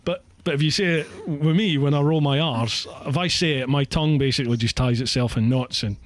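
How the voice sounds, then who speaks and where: A man's voice: fairly high pitch, a little fast. A Scottish man hosting a podcast, chatting casually and laughing often at himself. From Scotland. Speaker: podcast host. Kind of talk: casual chat.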